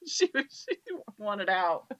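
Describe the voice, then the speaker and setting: A woman guest on a radio show, animated and laughing often, with hiccups, telling paranormal stories in casual chat. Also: medium pitch, extremely slow, dry recording, lo-fi sound.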